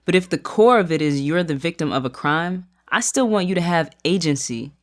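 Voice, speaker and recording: An advocate speaking in an interview clip, with a voice in a middle register. The delivery is measured and explanatory. Each point is set out steadily. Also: medium pitch, lively intonation.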